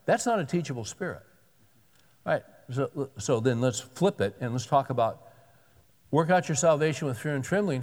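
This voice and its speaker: A pastor preaching a sermon in a conversational, emphatic way, repeating key words for weight. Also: male voice, a little high. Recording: long hall reverb.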